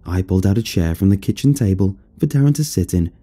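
A man narrating a first-person horror story in a measured, descriptive way. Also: sits low, animated, dark tone, soft background music.

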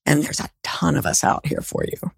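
A middle-aged woman, a guest author and life coach, talking in a soft, soothing way that sinks toward a whisper. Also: moderate pace, dry recording, studio quality. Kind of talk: heartfelt interview talk.

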